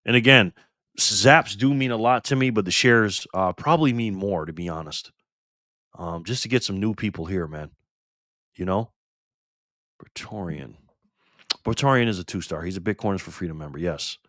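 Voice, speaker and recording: A man's voice: sits low, normal speed, pauses often, fairly bright tone, no room sound, studio quality. An older man hosting a casual live stream, fired up and swearing, greeting viewers in the chat by name. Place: garage.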